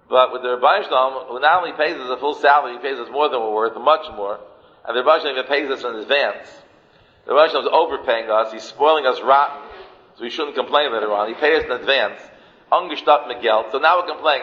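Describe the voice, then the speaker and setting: A man's voice: medium pitch, fast. A man giving a sermon as a rabbi. He repeats phrases for emphasis and mixes in Yiddish and Hebrew terms. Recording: muffled, with long hall reverb.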